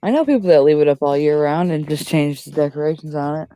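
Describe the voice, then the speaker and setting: A man's voice: a little high, quick pace, warm tone, faint music behind. A man making brief laid-back remarks in a casual chat, away from the microphone.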